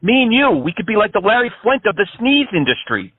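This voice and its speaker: Mocking prank caller on a tinny line. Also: male voice, very animated, brisk, no room sound. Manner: mocking, rambling absurd pitches. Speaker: scam-baiting prank caller. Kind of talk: prank phone call. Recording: phone-line audio.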